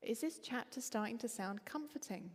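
A woman with an Essex accent preaching a sermon in a conversational, lively way, with frequent ums. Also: on the high side, normal speed, slightly rough, in a large hall.

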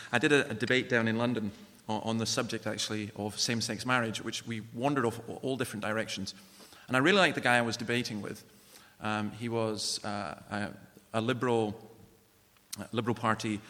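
A man's voice: on the low side, a bit bright. Earnest man in echoing church. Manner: earnest, personal, conversational testimony. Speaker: guest speaker and author. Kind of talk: evangelistic talk. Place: large church. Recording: long church reverb.

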